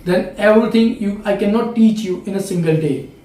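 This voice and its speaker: High-voiced Indian English tutor, roomy sound. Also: male voice, fairly quick, mellow, far from the mic. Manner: explains step by step, repeats key phrases. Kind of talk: video lesson.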